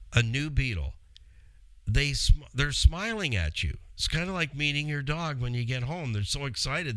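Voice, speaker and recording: A man's voice: mid-range voice, fairly bright tone, no echo. A middle-aged man hosting a show, telling a long story in a rambling, chatty way and speaking straight to his listeners. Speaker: radio show host. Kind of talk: casual storytelling.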